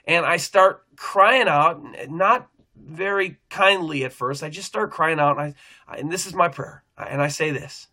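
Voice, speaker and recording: A middle-aged male pastor shares his own testimony with a bright, forceful tone sitting a little high for a man. He rambles earnestly, circling back and restarting sentences as he goes. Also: normal speed. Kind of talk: personal faith testimony.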